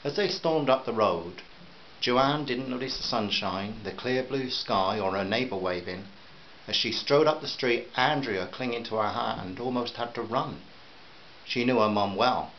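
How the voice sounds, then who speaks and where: A man reading a short story aloud in a measured, even storytelling manner. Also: mid-range voice, highs cut off, a little hiss or hum. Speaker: narrator. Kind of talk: scripted narration.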